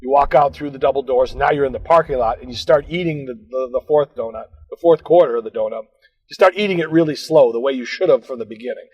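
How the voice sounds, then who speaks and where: A husky-voiced man tells a long, rambling comic anecdote at a middling pitch, drifting into profane, self-scolding rants. His voice rings with a long reverb, as if the recording was made in a big echoing room. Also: quick pace, highs cut off. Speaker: podcast co-host telling a story.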